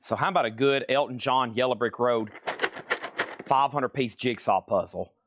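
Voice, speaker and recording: A man's voice: medium pitch, noisy background. Chatty man calling out record prices. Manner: brisk, chatty, lists items and prices. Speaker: seller running a live record sale. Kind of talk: live auction and price calling.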